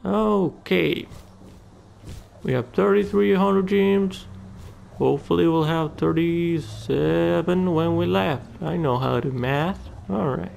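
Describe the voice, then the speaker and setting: A man's voice: fairly high pitch, slow, vocal fry, a little mellow, slight background noise. A man hosting a gaming channel, giving casual gameplay commentary and muttering and swearing at the game.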